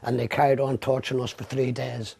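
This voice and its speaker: Guy with a rough gravelly voice telling his story straight to camera, dark tone, acts out the cops' lines. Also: medium pitch, level tone, a little fast, faint music behind. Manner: vivid storytelling, acts out quoted speech. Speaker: interviewee recounting his arrest. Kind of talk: documentary testimony.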